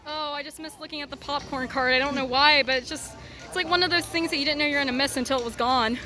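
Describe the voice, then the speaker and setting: A woman's voice: high voice, fairly even intonation, fast talker, pushed and bright, faint music behind. A young woman vlogging her day at a theme park, gushing and giddy as she narrates. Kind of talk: excited theme park vlog.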